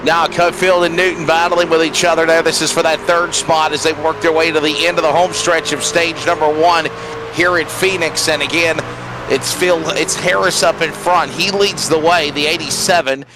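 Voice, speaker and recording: A man doing play-by-play for an online sim race, energetic and often restarting his sentences. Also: fairly high pitch, normal speed, music in the background, poor audio. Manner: energetic, with frequent fillers and restarts. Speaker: play-by-play commentator. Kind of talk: sim racing commentary.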